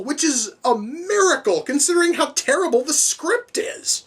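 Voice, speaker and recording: A woman's voice: high-pitched, expressive, moderate pace. Rambling, cursing woman reviewer, distant mic. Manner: profane, rambling with many restarts and fillers. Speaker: film reviewer. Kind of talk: casual video review.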